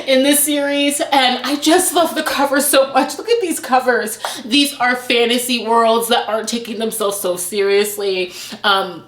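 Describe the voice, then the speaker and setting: A woman vlogging a casual book unboxing, gushing and excitable. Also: a little high. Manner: gushing, excitable, laughs and gasps often. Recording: echoey room with faint noise.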